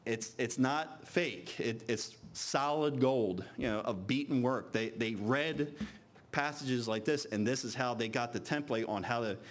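A man preaching to a congregation, reading scripture aloud slowly and then talking casually with restarts. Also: medium pitch.

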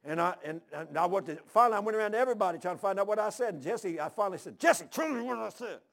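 A man's voice: high voice, rapid-fire, a bit bright. A man preaching a folksy, storytelling sermon, repeating his phrases. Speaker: pastor.

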